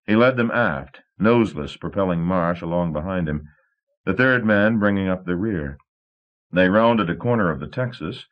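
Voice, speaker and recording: A man reading an audiobook in a dramatic, steady storytelling manner. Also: sits low. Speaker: audiobook narrator. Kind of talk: scripted audiobook narration. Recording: dull 1980s cassette tape.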